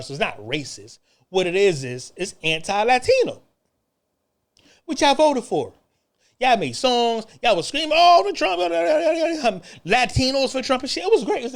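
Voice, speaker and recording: With a voice on the high side and fairly bright, this online commentator from the United States delivers a profane, taunting rant to the camera. He laughs mockingly and stammers, repeatedly starting his sentences over.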